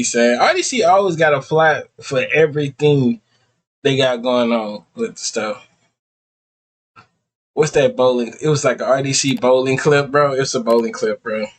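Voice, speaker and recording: Slangy man chatting in a reaction video. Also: medium pitch. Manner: loose slangy talk, calls listeners son and bro; laughs often. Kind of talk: casual reaction chat.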